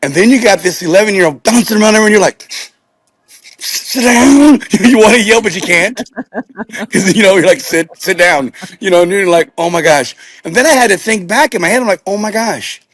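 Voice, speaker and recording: A middle-aged man tells stories as a podcast guest, his voice sitting a touch high for a man. He acts out the lines of the people in his anecdotes with relish. The recording is dry and close, with no room sound. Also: quick pace, dry recording. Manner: animated storyteller acting out quotes. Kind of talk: casual anecdote telling.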